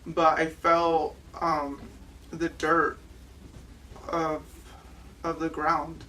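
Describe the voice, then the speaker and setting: A young adult woman giving personal testimony as an interviewee, halting and full of "like" fillers. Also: sits low, little pitch movement, fairly bright tone, a little hiss or hum. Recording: distant mic with faint ambience.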